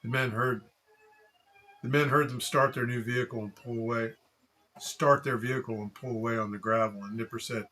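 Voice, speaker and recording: A man reading a story aloud in steady, dry scripted narration. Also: medium pitch, normal speed, soft background music, poor audio.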